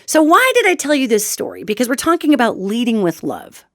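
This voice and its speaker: A radio host with a slightly high voice and brisk delivery tells a dramatic story from her own life. She alternates loud outbursts with quiet asides in a lively monologue, calling listeners "gang," and the audio is echo-free studio quality.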